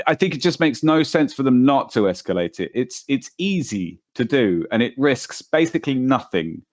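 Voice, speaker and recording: A man's voice: medium pitch, big pitch swings, normal speed. A man with a British accent co-hosting a casual security podcast, making emphatic, joking predictions. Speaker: podcast co-host. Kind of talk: casual chat.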